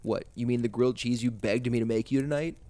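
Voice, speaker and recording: A man's voice: medium pitch, fairly even intonation, fast talker, dark tone, lightly acted. A man reading the part of a teenage girl babysitter, coaxing and teasing. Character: teenage female babysitter, sly then frightened.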